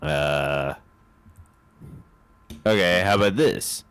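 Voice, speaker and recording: A man's voice: low voice, very slow, a bit bright, smooth. A man reading and acting out a detective's lines in a video game, joking and laughing between lines. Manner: joking, laughs often, reads lines aloud. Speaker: game player voicing the detective.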